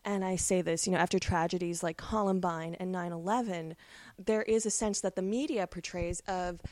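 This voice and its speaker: A woman's voice: fairly low pitch, steady tone, moderate pace, a little mellow, no room sound. A woman co-hosting a film podcast, giving enthusiastic, analytical takes with casual swearing. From Canada. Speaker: podcast co-host.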